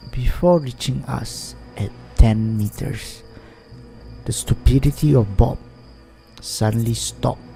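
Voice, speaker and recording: A man, reading a viewer's ghost story aloud as the host, in a measured and suspenseful way. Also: medium pitch, creaky, dark tone. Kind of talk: slow storytelling narration.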